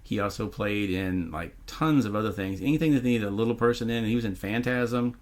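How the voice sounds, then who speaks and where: A man with a fairly low voice retelling a movie plot on a podcast. He talks in an easygoing, unhurried way, stringing scenes together with casual asides. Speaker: podcast co-host.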